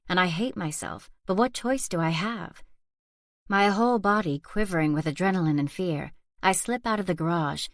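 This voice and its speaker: A woman's voice: lowish voice, no room sound. Woman, audiobook narrator, tense thriller reading, urgent, dry close sound.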